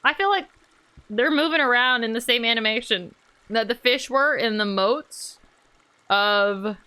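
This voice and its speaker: A woman's voice: on the high side, unhurried, clean tone. A woman streamer giving playful, jokey commentary while she plays a game. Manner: playful and animated, jokey asides. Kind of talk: casual let's-play commentary.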